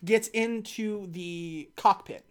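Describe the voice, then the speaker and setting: Young woman co-host, chatty, animated storyteller. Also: mid-range voice, takes it slowly. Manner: animated retelling, acts out quotes. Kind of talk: casual chat.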